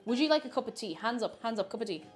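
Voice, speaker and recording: Irish woman baking at home on stream, teasing chat, voice goes up and down a lot, sits a bit high. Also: animated, racing, faint music behind. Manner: playful, teasing, joking with chat. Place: home kitchen.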